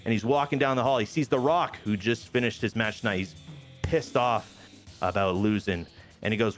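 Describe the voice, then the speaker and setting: A man casually narrating a multiplayer wrestling management game session, animated and quick to act out the wrestlers' lines. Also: mid-range voice, faint music behind. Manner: animated storyteller, briefly acting out wrestlers' lines. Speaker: game show host narrating a wrestling sim.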